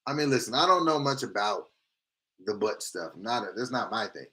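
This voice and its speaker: A man hosting a casual live stream, reading viewer comments aloud with big reactions, swinging between loud exclamations and quiet asides. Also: fairly low pitch, animated, normal speed. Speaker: livestream host reading chat comments.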